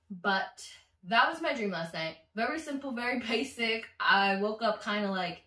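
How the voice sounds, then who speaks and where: Recorded somewhat off mic from a distance in an echoey room, a vlogger tells the story of a dream at a moderate pace. Her voice is on the high side, and she's animated and profane, performing what everyone said.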